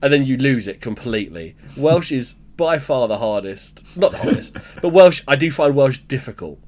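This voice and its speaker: Man, podcast co-host, animated and jokey, very expressive pitch. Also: moderate pace. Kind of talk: casual chat.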